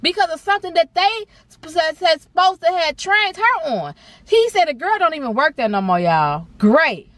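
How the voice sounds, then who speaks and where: A woman's voice: extremely high pitch, normal speed, no room sound. A young woman vlogging from inside a car, chatting and venting to her viewers and calling them y'all and honey. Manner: animated, talks straight to viewers with lots of y'all and honey. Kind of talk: casual ranting chat to viewers.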